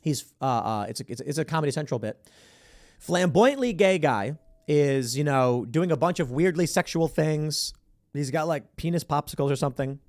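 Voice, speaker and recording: A man's voice: a little high, expressive, normal speed, darkish tone, no room sound, clean studio sound. A man hosting a commentary show, talking in a sarcastic, opinionated way and acting out the voices he quotes. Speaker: podcast host.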